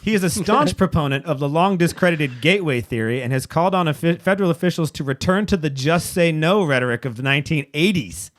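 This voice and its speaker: A man's voice: a little high, expressive, fast talker, few pauses, a bit bright. Profane, ranting male podcast host. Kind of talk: casual chat, reading news aloud.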